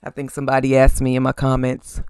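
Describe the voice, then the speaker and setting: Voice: medium pitch, completely flat delivery, quick pace, a little mellow, clear, resonant tone, no echo, studio quality. A podcast host giving blunt, casual opinion commentary to camera from a room at home, cursing freely and asking "okay?". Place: room at home with crystals and statues on display. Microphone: camera facing the host.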